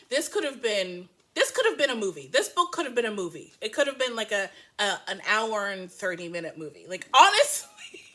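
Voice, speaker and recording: A woman reviewing a book and its TV adaptation in a casual, animated way, laughing often and making playful asides. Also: on the high side.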